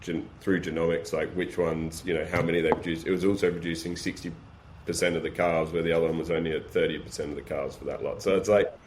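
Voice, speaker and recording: Deep-voiced man explaining with energy. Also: fast, slight background noise. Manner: energetic, explains with practical examples and rhetorical questions. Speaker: guest, beef supply chain business. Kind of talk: casual podcast conversation.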